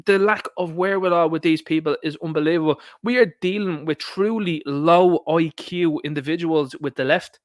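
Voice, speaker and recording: A man delivers a combative solo political rant, swearing readily. His voice is fairly high, and the recording is dry and close with no echo.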